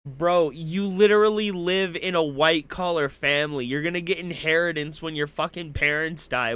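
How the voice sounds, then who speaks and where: A man's voice: on the high side, moderate pace, hardly any pauses, fairly bright tone, clear, resonant tone. A man hosting a casual livestream. He comments with profane, mocking rants and then signs off to his viewers. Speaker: stream commentator.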